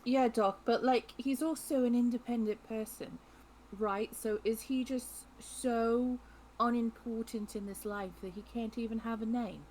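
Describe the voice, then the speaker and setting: Woman, tabletop player, unhurried speech, teasing. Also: on the high side, fairly even intonation, darkish tone, a little hiss or hum, poor audio. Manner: teasing, sarcastic. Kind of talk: casual tabletop play.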